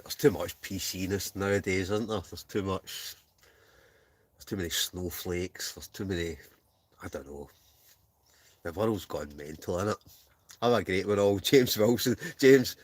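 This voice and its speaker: A man's voice: low voice, a little slow, long pauses. A Scottish man hosting a casual live stream from a heated camping tent, bantering and laughing as he reads out viewer messages. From Scotland.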